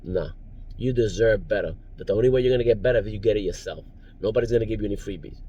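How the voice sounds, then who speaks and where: A man's voice: on the low side, racing, dark tone, husky, dull audio. A man giving rambling, preachy life advice in a casual vlog, recorded in his parked car, chuckling now and then. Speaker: vlogger, driver.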